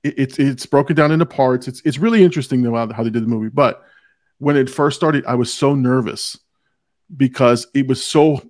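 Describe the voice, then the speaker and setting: A man hosting a movie podcast in loose, casual chat, with a pitch right in the middle for a man. He rambles, trips over his own restarts and swears freely. The sound is dry and close, with no room around it. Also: brisk, darkish tone, no room sound. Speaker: podcast host.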